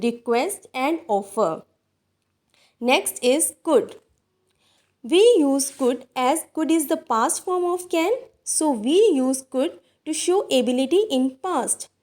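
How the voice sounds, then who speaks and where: Slow, high-voiced woman teaching grammar. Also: a little mellow. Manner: slow, deliberate, addresses viewers as dear students. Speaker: English teacher. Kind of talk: recorded grammar lesson.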